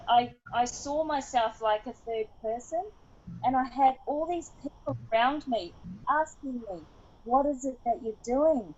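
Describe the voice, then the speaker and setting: A woman's voice: high-pitched, a little mellow. An Australian woman hosting a motivational group talk, enthusiastic and encouraging, laughing often. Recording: dull lo-fi sound.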